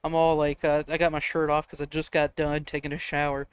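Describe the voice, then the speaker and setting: Young dude on a podcast, smooth clear voice, kinda high, chill storyteller. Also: male voice, little pitch movement, quick pace, no room sound. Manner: laid-back storyteller, chuckles through anecdotes. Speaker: podcast co-host. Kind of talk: casual chat.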